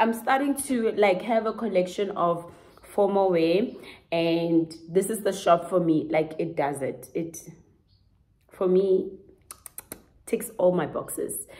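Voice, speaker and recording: Slow, gushing South African woman. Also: on the low side, warm tone, rough recording. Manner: dramatic and gushing, with frequent laughs. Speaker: fashion vlogger. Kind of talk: casual try-on haul chat.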